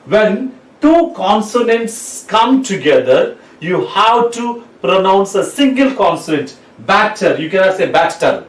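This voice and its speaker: A man's voice: sits high, expressive, measured pace. A man teaching a lesson, spelling words out letter by letter and repeating them. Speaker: English teacher. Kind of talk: classroom lecture. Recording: roomy, mic at a distance.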